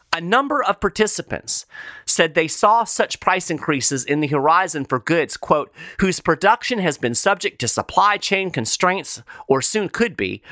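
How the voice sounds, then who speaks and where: A man's voice: fairly high pitch, pushed and bright, dry recording. A man hosting a show, delivering a skeptical solo commentary with emphatic, sarcastic asides. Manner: opinionated, skeptical. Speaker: show host.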